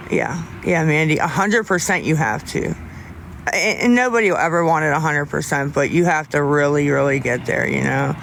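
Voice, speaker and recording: A man's voice: on the high side, normal speed, gravelly, fairly bright tone, slight background noise. A man chatting casually with livestream viewers in a candid, rambling way, often restarting his sentences.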